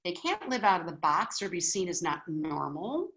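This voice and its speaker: A woman teaching a spiritual wisdom class in a lively lecture style, often checking in with her listeners with "okay?". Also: on the low side, moderate pace, poor audio. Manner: animated, checks in with frequent "okay?".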